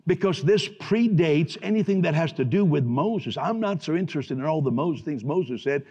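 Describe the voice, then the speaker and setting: A man's voice: on the high side, animated, moderate pace, warm tone, breathy edge. A man preaching a sermon emphatically to a congregation in a church, often repeating and restarting his words. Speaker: pastor. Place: large church hall. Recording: dull recording with long hall reverb.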